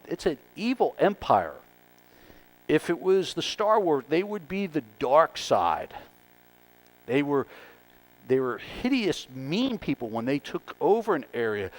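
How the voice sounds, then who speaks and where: A man's voice: medium pitch, poor audio. A male pastor giving a conversational, emphatic sermon and working through numbered points.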